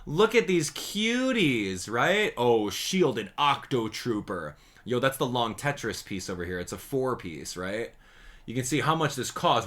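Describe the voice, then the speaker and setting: A gaming YouTuber man giving slangy, excitable commentary on a game trailer, swinging between hype and sarcasm. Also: mid-range voice, measured pace.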